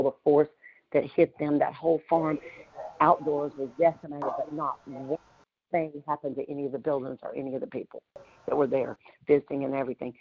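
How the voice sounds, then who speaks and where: A woman's voice: deep voice, lo-fi sound, slight background noise. A woman from Louisiana with a Southern US accent, chatting animatedly on a group call and telling stories. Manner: chatty, animated storytelling with frequent laughs. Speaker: community call participant. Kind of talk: casual group call chat. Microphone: remote call audio.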